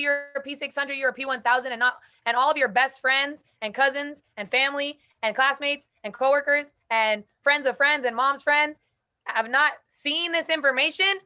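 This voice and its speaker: A young woman hosting a group call, giving an energetic, emphatic motivational talk with casual slang. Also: high-pitched. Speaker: host speaking to a call group.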